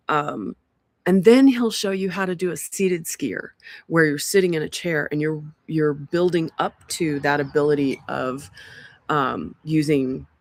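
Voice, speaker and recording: A woman's voice: deep voice, dry recording. A woman hosting a community livestream from an outdoor porch, talking casually into a laptop mic with lots of ums and restarts. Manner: chatty, rambling, frequent ums and restarts. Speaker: community group host. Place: outdoor porch among pines. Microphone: laptop microphone.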